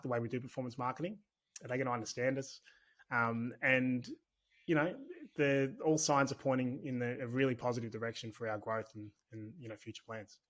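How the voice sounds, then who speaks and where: Chatty Australian man, podcast guest. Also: medium pitch. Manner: chatty and candid, rambling with restarts. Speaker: podcast guest, business owner. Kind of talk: casual conversational interview.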